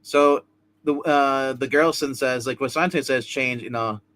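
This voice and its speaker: A young man hosts a relaxed live-stream comic review at an ordinary pitch. His voice is bright and pushed forward. He rambles, restarting sentences and filling pauses as he goes. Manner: rambling, with frequent restarts and fillers. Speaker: host of a comic review show.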